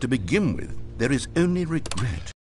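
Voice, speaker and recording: A man's voice: big pitch swings, moderate pace, darkish tone, slight background noise, close to an everyday voice. An actor voicing a lonely, wry male narrator who addresses the player in a plaintive, musing monologue for a video game. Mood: lonely, pleading. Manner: plaintive, musing monologue with sudden pitch swings. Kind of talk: game voice acting.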